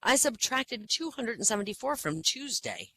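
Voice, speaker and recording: A man's voice: very high-pitched, big pitch swings, moderate pace, sharp tone, slight background noise, voice pushed up, heavily acted, rough recording. A man voicing a proud asylum patient, pleased with himself in a raised voice.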